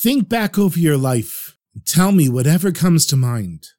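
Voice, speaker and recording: A man voicing a gentle old holy rabbi who soothes and questions a dying man. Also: on the high side, big pitch swings, moderate pace.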